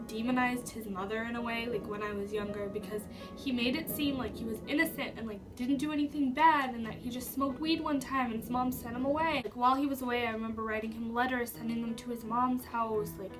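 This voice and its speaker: Chatty young woman, slightly high voice. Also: far from the mic. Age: young adult. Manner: chatty, says "like" often, swears freely. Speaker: YouTuber. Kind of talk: casual storytelling to camera.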